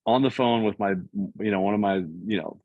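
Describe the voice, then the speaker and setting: A man in his fifties from the US East Coast, telling a business story in casual, animated chat and acting out what other people said. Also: lowish voice, no echo. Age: 50s. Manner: animated, fast, acts out other people's quotes. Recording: dull, dry, lo-fi sound.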